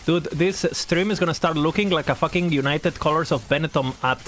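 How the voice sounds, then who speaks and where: A man's voice: on the high side, brisk, a bit bright. A young man chatting casually while streaming a game, rambling, swearing and laughing often.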